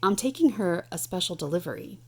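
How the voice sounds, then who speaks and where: A small, eager scooter boy, brave but a bit nervous, from a children's picture book. A woman reading aloud gives him a raised, bright voice. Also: on the low side, expressive, fairly quick, breathy edge.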